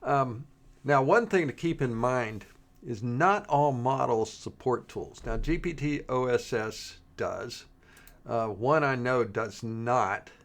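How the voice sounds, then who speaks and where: A man walks through a software demo with a gravelly edge to his voice. He talks slowly and in halting stretches, stopping to restart his sentences. The delivery stays relaxed throughout. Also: medium pitch. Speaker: software tutorial presenter. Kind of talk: screen-recorded coding tutorial.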